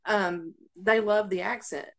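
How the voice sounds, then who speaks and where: A woman's voice: mid-range voice, steady tone, measured pace. A woman from Arkansas with a Southern accent, a radio host chatting casually and giggling over a video call. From Arkansas, USA. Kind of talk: casual live-stream chat.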